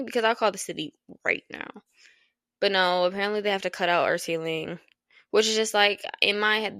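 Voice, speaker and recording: A woman chats through her solo podcast at home, frank and loose with her swearing, often breaking into laughs. Her voice carries a steady gravelly fry, and the sound is close and dry with no room around it. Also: medium pitch, fairly quick, no room sound. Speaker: podcast host. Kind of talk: casual solo podcast chat. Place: at home in an apartment.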